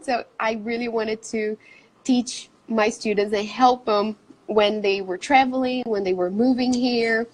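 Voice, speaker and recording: A woman's voice: on the high side, fairly even intonation, a little slow, darkish tone, poor audio. A Brazilian-born woman, a native Portuguese speaker and English teacher, chatting in an interview and laughing often. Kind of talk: casual interview chat.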